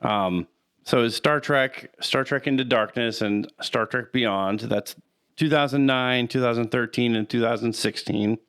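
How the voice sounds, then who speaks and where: A man co-hosting a casual podcast, explaining things patiently with halting restarts. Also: mid-range voice, fairly bright tone, clear, resonant tone. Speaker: podcast co-host. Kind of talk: casual chat.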